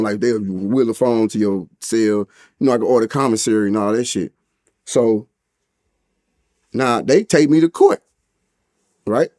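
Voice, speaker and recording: A man's voice: medium pitch, dark tone. A man from St. Louis with a St. Louis accent, telling a story as an interview guest, full of slang and cursing, and raising his voice when he acts out what people said. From St. Louis, USA. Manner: street slang and heavy cursing, acts out quotes in a raised voice.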